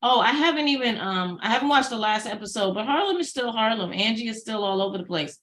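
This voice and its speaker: A middle-aged woman co-hosting a casual chat review, chatty and exclaiming with quick asides. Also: fairly high pitch, lively intonation, fairly bright tone, reverberant. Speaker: co-host.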